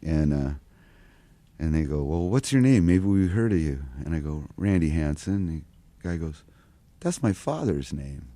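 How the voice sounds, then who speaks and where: A man's voice: rumbling low, big pitch swings, moderate pace, warm tone, dry recording. A man, a guest musician, telling a rambling anecdote in casual chat, acting out the quotes along the way. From Seattle area. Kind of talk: casual storytelling.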